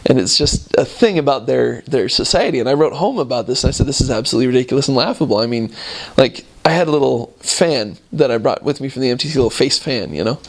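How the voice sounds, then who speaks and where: Casual male storyteller, average pitch, loose and chatty, a returned missionary reminiscing. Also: fast talker, few pauses. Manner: relaxed, rambling, chuckling between points.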